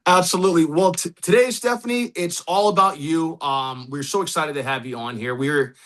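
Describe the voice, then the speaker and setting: A man's voice: a little high, moderate pace, a bit bright. A man hosting a podcast, talking loosely and chattily with many fillers. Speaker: podcast host. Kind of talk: casual interview.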